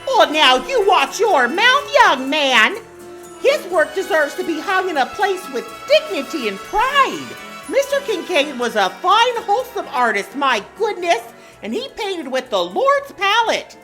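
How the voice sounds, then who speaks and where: Shrill prim Minnesotan mom. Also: wildly swooping pitch, a little slow, pushed and bright, faint music behind, heavily acted. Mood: sweet. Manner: sing-song, prudish, folksy exclamations. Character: prim Midwestern mom, middle-aged, churchy and fussy. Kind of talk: comedy sketch.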